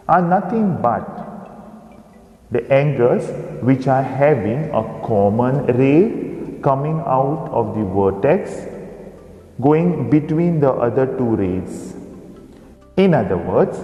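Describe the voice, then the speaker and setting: A man teaching a recorded maths lesson, explaining slowly and pointing out figures on screen. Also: mid-range voice, dark tone, highs cut off. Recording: echoey room with long reverb.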